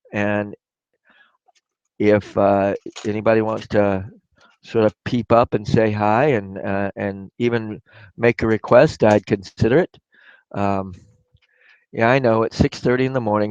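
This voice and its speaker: A man with a raspy voice from a cough, chatting casually to viewers on a live stream while he works on glass pieces. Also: medium pitch, dry recording, dull audio. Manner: rambling, talks to viewers while working.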